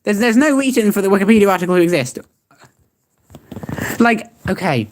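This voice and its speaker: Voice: medium pitch, lively intonation, fairly quick, slight background noise. A young adult streamer chatting casually while reading search results aloud, rambling and laughing at what they find. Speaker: streamer reacting to web searches. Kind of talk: casual chat.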